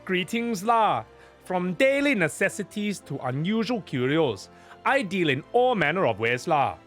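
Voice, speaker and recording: Guy doing a quirky sing-song game merchant, bouncy and highish. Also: sing-song, measured pace, a bit bright, soft background music, exaggerated voice. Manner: sing-song, adds a tic to sentence ends. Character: eccentric male merchant with a verbal tic.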